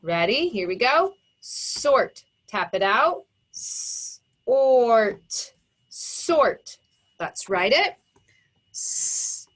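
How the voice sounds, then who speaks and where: Slow, clear-spoken woman phonics teacher. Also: fairly high pitch, sing-song. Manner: sounds words out slowly and emphatically, warm encouraging praise. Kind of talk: slow, exaggerated phonics dictation for young children.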